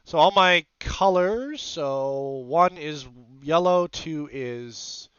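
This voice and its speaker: A man's voice: a little high, lively intonation, extremely slow, a bit bright, smooth, no room sound, lo-fi sound. A man hosting a casual maker livestream, rambling to his viewers and to himself as he sets up a 3D print. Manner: rambling, talks to the audience and to himself. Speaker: maker channel host.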